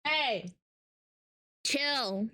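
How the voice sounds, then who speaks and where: A woman streamer chatting playfully and excitably with her chat. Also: high voice, very slow. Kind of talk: casual livestream chat.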